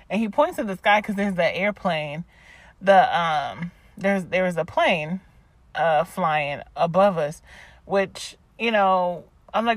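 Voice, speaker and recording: A woman in her thirties, a podcast host, chatting through a casual voice diary, laughing and throwing in lively asides. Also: fairly low pitch, a little slow, dry recording. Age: 30s.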